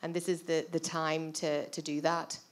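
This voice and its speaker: A woman speaking as a panelist in a discussion, measured and agreeable. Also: sits low, flat delivery.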